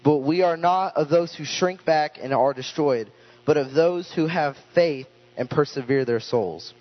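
A man's voice: on the high side, unhurried. A man giving an informal sermon, rambling with restarts and casual asides. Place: small room with listeners. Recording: dull lo-fi sound with mains hum.

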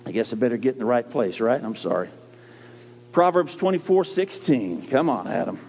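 A man preaching a sermon in a church. He talks emphatically and repeats key phrases with slow, drawn-out stress. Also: mid-range voice, lively intonation, a little hiss or hum. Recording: dull recording with long hall reverb.

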